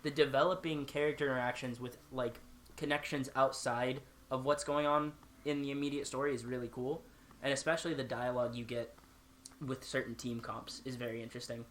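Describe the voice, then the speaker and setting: A man's voice: medium pitch, level tone, fairly quick, fairly bright tone, slight background noise. A man co-hosting a casual gaming podcast, blunt and swearing as he rambles through explanations. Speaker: podcast co-host. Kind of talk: casual chat.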